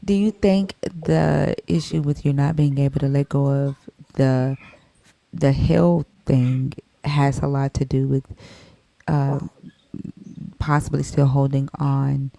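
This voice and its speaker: A woman hosts a casual call-in show and talks slowly and unhurriedly. Her voice has a gravelly, creaky edge. She asks gentle, probing questions and laughs easily. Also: sits low, no room sound.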